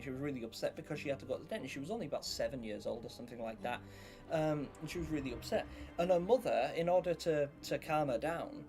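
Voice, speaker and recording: A young man hosts a casual live stream, rambling through stories and greeting viewers by name. His voice sits a touch higher than most men's. Faint music plays quietly under the chat. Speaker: livestream host.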